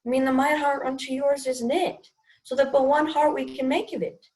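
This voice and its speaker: A woman's voice: sits high, steady tone, moderate pace, lightly acted. A young woman playing an impulsive, ardent young man, speaking earnest verse in an amateur student Shakespeare performance over an online call. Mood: tender. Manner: earnest verse delivery, often soft. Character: ardent young male lover, impulsive and fickle. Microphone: video call.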